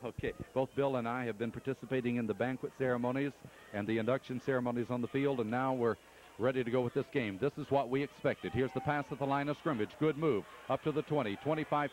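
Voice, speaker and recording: A man doing radio play-by-play of a football game from the press box, calling each play briskly and steadily. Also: medium pitch, slight background noise. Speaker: play-by-play announcer.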